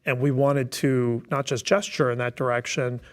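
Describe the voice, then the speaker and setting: A man's voice: medium pitch, fairly even intonation, moderate pace. A man talking on a webinar as a task force member, thoughtful and explanatory, with many fillers and restarts. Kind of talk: webinar discussion. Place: online webinar.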